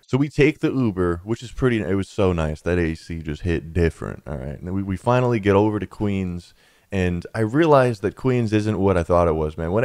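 Low-voiced young man telling a story. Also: clean tone. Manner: rambling, animated, says "man" and "dude" often. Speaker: vlogger telling a travel story. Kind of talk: casual storytelling.

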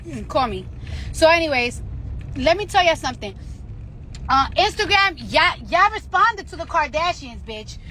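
A high, bright voice from a woman. She rants profanely into her phone from a car, repeating herself for emphasis. Her tone is sharp and forceful. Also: expressive, moderate pace, a little hiss or hum. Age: late 20s. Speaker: celebrity livestreamer. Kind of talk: ranting social media live stream.

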